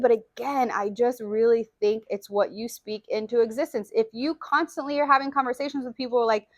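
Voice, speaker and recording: A woman in her forties chats frankly on a vlog, swearing a lot and leaning on filler words. Her fairly high, steady voice moves briskly with hardly any pauses, and there's no echo.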